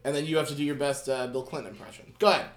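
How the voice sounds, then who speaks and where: A man's voice: a little high, steady tone, rapid-fire, echoey room. A young man hosting a podcast in casual chat, swearing freely, laughing often and restarting his sentences. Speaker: podcast host.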